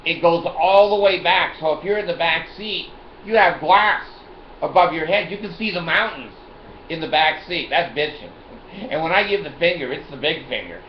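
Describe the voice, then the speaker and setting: A man's voice: on the high side, reverberant, lo-fi sound, a little hiss or hum. Chuckling older man telling a bawdy story. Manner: bawdy, boastful, laughs often. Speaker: show host. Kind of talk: rambling storytelling monologue.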